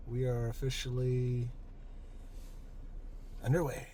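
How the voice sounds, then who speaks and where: A man's voice: a little high, animated, moderate pace, slight background noise. A man casually vlogging outdoors in a rainy forest, chatting and laughing often while he works on his truck and drives up a logging road. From Canada. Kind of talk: casual outdoor vlog narration.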